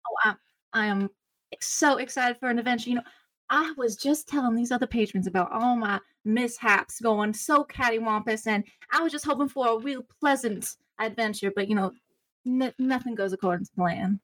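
A woman's voice: on the high side, moderate pace, fairly bright tone, dry recording. A woman doing a bubbly folksy elf cowgirl. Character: lively, folksy six-foot female elf cowgirl.

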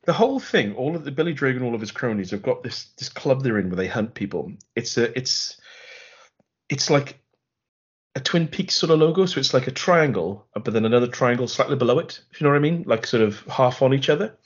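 Guy ranting sarcastically about a bad movie, husky voice, kinda muffled lo-fi podcast sound. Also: medium pitch, expressive, fairly quick. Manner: wry, rambling, sarcastic storytelling. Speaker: podcast co-host. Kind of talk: casual film review chat.

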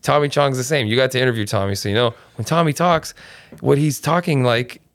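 A man's voice: medium pitch, brisk. Laid-back swearing comedian, man. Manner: laid-back, swears often, peppers speech with "man" and "dude". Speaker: stand-up comedian. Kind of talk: casual podcast chat.

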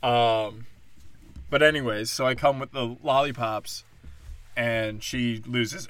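Bright-voiced young man ranting casually. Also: medium pitch, takes it slowly, no echo. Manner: profane, rambling, animated storytelling. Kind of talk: casual storytelling rant.

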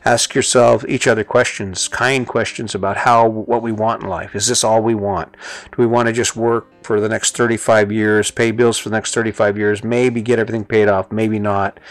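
A middle-aged man with a gravelly, fry-edged voice gives a motivational talk in an earnest, conversational way, often repeating a phrase for emphasis. The sound is dry and close, with faint music underneath. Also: lowish voice, flat delivery, moderate pace, dry recording. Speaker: host.

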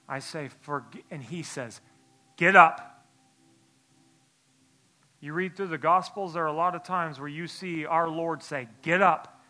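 A man preaching a sermon in church, telling a personal story in a hushed, halting voice, then building into a forceful exhortation. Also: a little high. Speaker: pastor. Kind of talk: sermon testimony.

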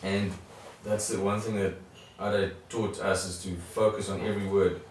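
A man's voice: low-pitched, flat delivery, moderate pace, slight background noise. A man sharing in a church study group, hesitant, often restarting and repeating words. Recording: very echoey room from far off.

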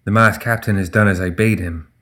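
A man voicing a stern, proud fae queen in an audiobook, speaking with measured, regal gravity. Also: on the low side, steady tone, bright, forceful tone.

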